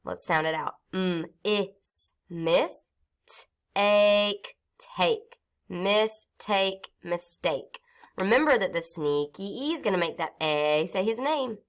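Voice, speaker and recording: A woman teaching a phonics lesson to young children, sounding out syllables slowly and clearly. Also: mid-range voice, lively intonation. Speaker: reading teacher.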